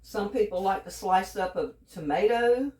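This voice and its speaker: A woman's voice: mid-range voice, expressive, moderate pace, warm tone, far from the mic. A woman talking through a home cooking video in a folksy, chatty way, speaking straight to her viewers. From Texas. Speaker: home cook. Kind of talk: casual cooking vlog.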